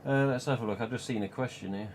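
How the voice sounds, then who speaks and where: This live stream host, a man who collects, keeps the talk casual and meandering, chuckling frequently. He speaks at a quick pace and medium pitch, and there's slight background noise.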